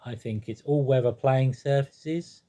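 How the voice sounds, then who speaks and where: A man talking casually about a football team, rambling and hesitant, with many pauses, ums and restarts. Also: mid-range voice, dark tone. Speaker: football fan commentator. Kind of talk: casual spoken monologue.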